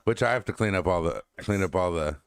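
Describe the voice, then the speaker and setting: Deep-voiced man rambling in casual chat. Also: fast talker. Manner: rambling, laughing, swears. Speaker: podcast co-host.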